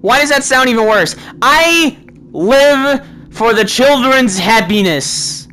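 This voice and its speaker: A gaming YouTuber giving let's-play commentary, talking to themself and to game characters, swinging between frantic yelling and low muttered asides. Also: animated, slow pace, a little hiss or hum, low-quality recording.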